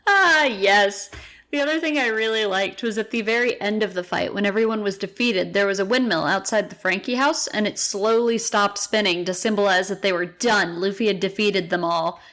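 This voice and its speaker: A woman co-hosting a podcast, talking in a relaxed, appreciative way in casual chat. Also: mid-range voice, normal speed. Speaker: podcast co-host.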